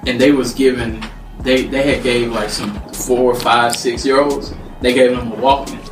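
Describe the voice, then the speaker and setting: A man's voice: mid-range voice, little pitch movement, normal speed. A man co-hosting a podcast, chatting casually and telling stories, acting out the voices of the people he quotes. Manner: storytelling, acts out quoted voices. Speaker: podcast co-host. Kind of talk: casual chat. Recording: roomy, distant mic, faint music.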